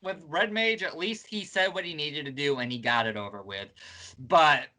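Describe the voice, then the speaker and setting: A man's voice: a little high, moderate pace, bright, forceful tone. A young man hosting a casual chat, talking in a rambling, wry way and often stopping to restart his sentences. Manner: rambling, self-interrupting, wry. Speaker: channel host.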